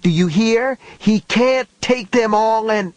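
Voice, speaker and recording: A man's voice: sits high, lively intonation, unhurried, no echo, voice pushed up. A man voicing a distraught young boy in an audiobook, screaming and pleading in a frenzy. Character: distraught young boy, frantic and grief-stricken.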